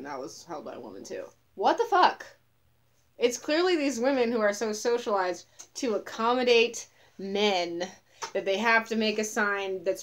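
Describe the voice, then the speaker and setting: A young woman ranting in a casual vlog, profane, sarcastic and scornful as she recounts what she saw. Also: on the low side. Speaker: vlogger.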